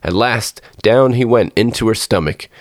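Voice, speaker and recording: A man narrating a storybook as a podcast storyteller, in a measured, expressive reading. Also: medium pitch, dry recording, clean studio sound.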